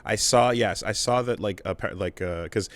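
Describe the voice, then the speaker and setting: Brief: male podcast co-host, lowish voice, easygoing and musing. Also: normal speed, fairly bright tone. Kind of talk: casual podcast chat.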